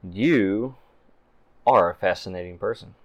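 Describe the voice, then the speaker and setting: A man voicing a calm, composed businesswoman who is questioning a prisoner in a tabletop game. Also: sits low, measured pace. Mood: cool, probing.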